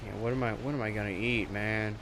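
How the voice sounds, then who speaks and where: A man's voice: on the low side, steady tone, fast, noisy background. A man streaming a video game from a room at home, chatting casually in a rambling, jokey way. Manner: rambling, goofy, jokey asides. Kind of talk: casual live-stream gameplay commentary. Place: home room with a low ceiling and bright ceiling lights.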